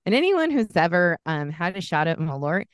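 A woman from California, co-hosting a podcast and telling lively stories in a casual chat. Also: lowish voice, brisk, clean tone, dry recording, clean studio sound. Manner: chatty, animated anecdotes with laughter. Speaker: podcast co-host.

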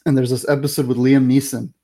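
A man's voice: medium pitch, flat delivery, fast, mellow. A man co-hosting a casual film-review podcast, rambling with many fillers and restarts while acting out scenes. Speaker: podcast co-host.

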